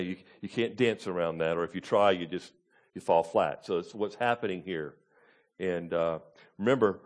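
Man preaching a conversational sermon. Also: mid-range voice. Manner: checks in with the congregation, asking "Okay?" and "Amen?". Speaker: pastor. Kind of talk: conversational sermon, Bible teaching.

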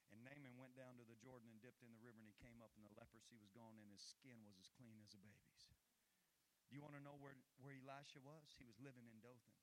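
A man preaching a sermon as pastor, swinging from low, quiet stretches up to loud, heated peaks. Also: steady tone, fast talker, slight background noise.

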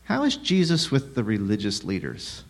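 A man preaching a sermon who asks the listeners rhetorical questions, drops in sarcastic asides and swings between hushed and loud delivery. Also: on the low side, moderate pace. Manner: rhetorical questions, lively shifts in loudness.

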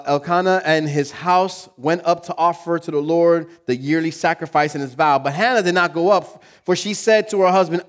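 Animated preaching man. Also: fairly high pitch. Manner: animated, swings from quiet asides to loud emphatic peaks; conversational preaching with acted quotes. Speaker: pastor. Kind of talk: sermon.

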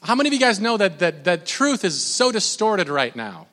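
A male pastor preaching to his congregation with a high, bright voice. He talks in a loose, conversational way, full of fillers and restarts, and calls on the listeners to answer him. The voice rings out with a long reverb from a church hall. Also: sing-song, moderate pace. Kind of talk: sermon.

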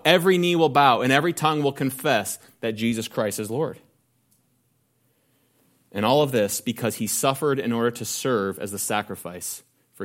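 A man preaching a sermon, asking rhetorical questions and slowing down to stress key phrases. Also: mid-range voice. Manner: earnest preaching with rhetorical questions, slows for emphasis. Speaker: pastor.

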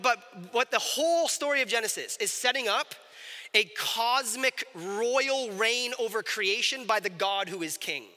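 Bright, high-voiced man preaching in a hall. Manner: conversational, animated, asks the audience questions. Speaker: pastor. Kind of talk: sermon.

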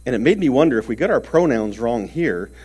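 A male preacher delivers a sermon in an earnest, emphatic way. His voice sits at an ordinary middle pitch. He swings between loud stressed phrases and quiet ones, and sometimes repeats a word as he goes. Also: expressive, brisk, slightly rough.

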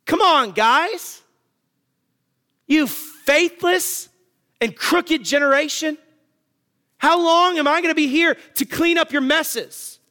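A preacher acting out an exasperated, scolding teacher. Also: male voice, extremely high pitch, bright, forceful tone, big-room sound, pitched above the performer's own voice, full character voice. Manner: frustrated, pleading, drawn-out scolding. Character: exasperated grown man scolding his followers.

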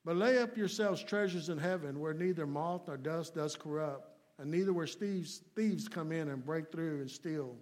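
High-voiced folksy man preaching. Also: normal speed, hardly any pauses. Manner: folksy, swings between loud emphatic and hushed. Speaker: guest preacher. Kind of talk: sermon.

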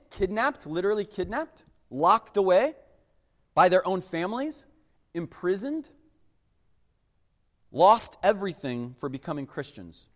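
A man delivers a sermon in a high, lively voice that leaps up and then falls to a near hush for emphasis. His words ring out with a long reverb, as if from a large hall. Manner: animated, emphatic preaching with sudden drops to quiet. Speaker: pastor.

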